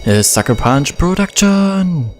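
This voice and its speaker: A man from Germany with a German accent, giving relaxed, self-deprecating commentary while playing a video game. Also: fairly high pitch, takes it slowly, background noise. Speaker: let's play gamer. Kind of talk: casual gameplay commentary.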